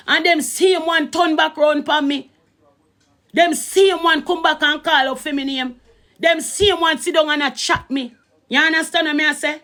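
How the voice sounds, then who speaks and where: A woman's voice: high-pitched, moderate pace, fairly bright tone. Emphatic Jamaican woman ranting on a stream. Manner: emphatic, repeats "you understand" often. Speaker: social media streamer. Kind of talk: casual live-stream rant.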